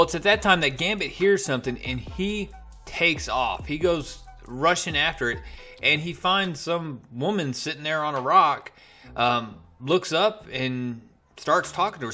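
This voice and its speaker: Bright-voiced man chatting a comic recap. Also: a little high. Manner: chatty, loose retelling with fillers and asides. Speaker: comic book reviewer. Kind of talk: casual spoken recap.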